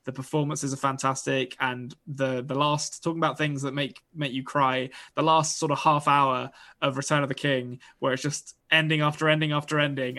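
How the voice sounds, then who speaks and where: Man co-host, bright, slightly high voice, enthusiastic casual chat. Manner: enthusiastic, repeats words when starting. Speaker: podcast co-host.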